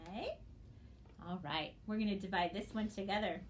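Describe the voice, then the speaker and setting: A woman teacher giving a recorded phonics lesson, slow and patient, spelling out letters one at a time. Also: mid-range voice, expressive, slight background noise.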